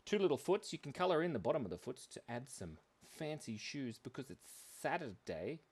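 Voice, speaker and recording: A man's voice: mid-range voice, big pitch swings, a little fast, husky. Giggly, playful man hosting a drawing stream. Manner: silly, giggly, chatty, addresses viewers. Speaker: kids' drawing livestream host. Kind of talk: playful live drawing chat.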